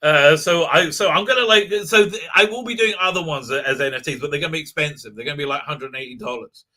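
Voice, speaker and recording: A man's voice: a little high, fast, pushed and bright. A man hosting a casual live stream, talking in a rambling way with many fillers, restarts and frequent laughs. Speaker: livestream host.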